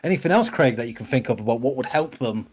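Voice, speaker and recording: A man's voice: mid-range voice, lively intonation, fast, husky, faint music behind. A man, a life coach co-hosting an advice show, brash, swearing freely and hyping up the listener. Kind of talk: casual advice talk.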